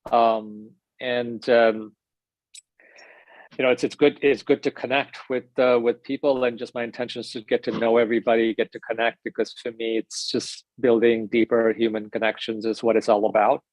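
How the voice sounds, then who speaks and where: A man from India, introducing himself haltingly on a video call. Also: mid-range voice, flat delivery, a little mellow, no room sound, poor audio. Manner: halting, many fillers and restarts. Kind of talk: casual self-introduction.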